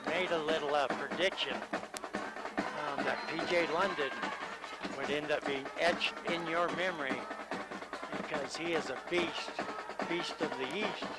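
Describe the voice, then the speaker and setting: A man calling a high school football game on the radio, joking and boastful, out of breath. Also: fairly even intonation, a little slow, low-quality recording. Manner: joking, boastful, self-styled showman. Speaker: play-by-play announcer. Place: outdoor stadium press box. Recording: loud band music behind.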